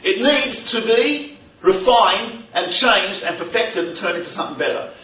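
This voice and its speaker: A man giving a religious lecture, an animated storyteller who mixes in jokes. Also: high-pitched, normal speed. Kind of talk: lively teaching lecture with stories and jokes. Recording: roomy, distant mic, faint background noise.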